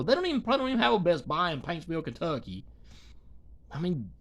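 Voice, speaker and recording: A man in casual reaction commentary with a high, lively and bright voice. He rambles and swears, leaning on fillers like "like" and "you know". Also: rapid-fire.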